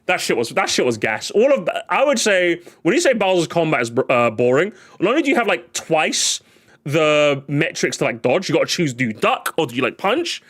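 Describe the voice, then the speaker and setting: Guy ranting on his stream, talks super fast, high voiced, keeps repeating himself. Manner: animated, excitable, swears a lot, repeats himself. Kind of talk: casual live-stream rant.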